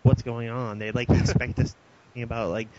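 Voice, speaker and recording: A man's voice: medium pitch, level tone, brisk. A man co-hosting a casual podcast, chatty and laughing at his own jokes. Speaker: podcast co-host. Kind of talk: casual chat. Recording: dull lo-fi sound, faint noise.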